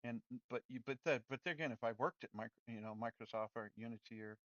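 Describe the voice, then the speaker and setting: A man streaming his programming work, talking casually and rambling, often cutting himself off and getting loud and worked up when he rants. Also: medium pitch, fast, dry recording, muffled recording. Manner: rambling and self-interrupting, turns loud and excited when ranting. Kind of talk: casual livestream chat while coding.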